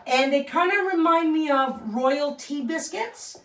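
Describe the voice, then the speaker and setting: Woman, cooking show host, fairly high voice, casual step-by-step explaining, echoey kitchen. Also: a little slow, a bit bright. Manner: chatty, explains step by step while stirring. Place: home kitchen.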